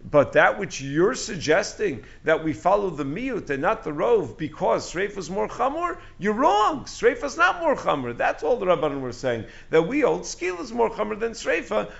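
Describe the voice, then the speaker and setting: A man's voice: high voice, creaky, fairly bright tone. A man giving a Talmud lesson, explaining animatedly in English full of Aramaic and Hebrew terms. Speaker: Talmud teacher giving a daily class. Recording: dull lo-fi recording.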